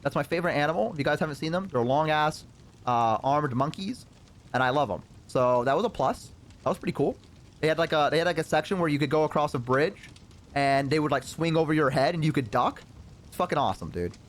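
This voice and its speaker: Animated, profane male streamer storyteller. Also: on the high side, quick pace. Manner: animated, profane, rambling with fillers. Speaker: VTuber streamer. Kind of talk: casual storytelling anecdote.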